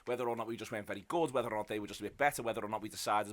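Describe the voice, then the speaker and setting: A man hosting a quick, joking post-match football chat. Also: on the low side. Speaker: podcast host.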